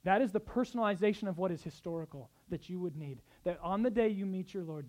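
Male pastor preaching, goes real quiet then gets loud and urgent, chatty asides. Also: high-pitched, fast talker, hardly any pauses. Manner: swings between hushed tenderness and loud urgent exhortation; acts out quoted speech in conversational asides. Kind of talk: sermon.

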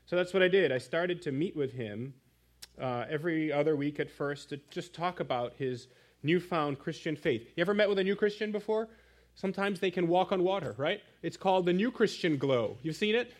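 A man preaching a sermon in church, telling a story with animated asides to the congregation. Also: on the high side, brisk. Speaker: pastor.

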